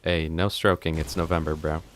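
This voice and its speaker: A man's voice: very deep voice, little pitch movement, moderate pace, a little hiss or hum. A man streaming a video game live, joking around and chatting to his viewers. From United States. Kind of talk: live gameplay commentary.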